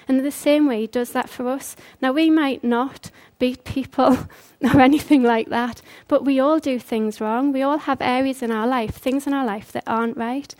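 A woman's voice: on the high side, darkish tone. A woman preaching a conversational sermon, earnest and full of rhetorical questions.

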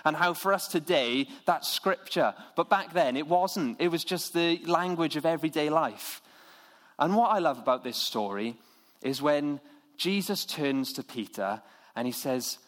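A man's voice: mid-range voice, moderate pace. A man preaching an earnest, conversational sermon to his church. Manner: earnest, conversational, with lively imitated voices.

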